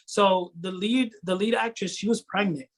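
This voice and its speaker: A man from Rhode Island, USA, with a high-sitting voice speaks at a moderate pace. He's an actor and filmmaker guesting in a casual interview, talking enthusiastically and rambling as he searches for words.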